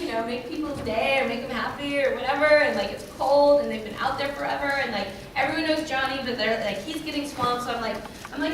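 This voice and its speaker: A young woman with a high, bright voice tells a story at a convention panel, animated and self-mocking, laughing as she goes. She sounds far from the microphone in a big, echoing hall. A noisy crowd murmurs behind her. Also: quick pace, few pauses. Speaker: panel guest.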